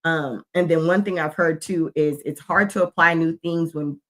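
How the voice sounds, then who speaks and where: A woman's voice: deep voice, steady tone, normal speed, a bit bright. A woman and mother co-hosting a casual podcast chat, laughing often and reflecting on parenting.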